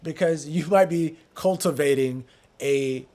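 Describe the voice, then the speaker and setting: This podcast host is a man with a fairly high, slightly dark voice and a somewhat slow delivery. Talking casually and earnestly, he stumbles over repeated words as he builds his points.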